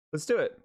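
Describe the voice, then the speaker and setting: A man's voice: a little mellow, no room sound, clean studio sound. A man streaming a game, chatting casually, exasperated and sarcastic, laughing often. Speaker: gaming streamer. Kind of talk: casual live commentary.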